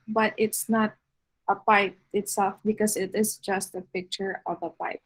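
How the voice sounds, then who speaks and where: A woman giving an art lecture over slides, unhurried, with frequent fillers and restarts. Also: mid-range voice, level tone, breathy edge, poor audio.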